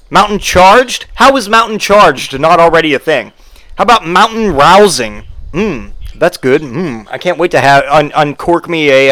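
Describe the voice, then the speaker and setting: A man's voice: fairly high pitch, fairly bright tone. A man hosting a comedy podcast, ranting sarcastically and slipping into mock-commercial voices. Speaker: podcast host. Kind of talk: casual comedic rant.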